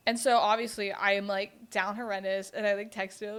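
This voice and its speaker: A woman's voice: mid-range voice, level tone, a bit bright, clean tone. Blunt, profane young woman host. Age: 20s. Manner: blunt, profane, laughing, quick asides. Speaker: podcast host. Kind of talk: casual storytelling chat.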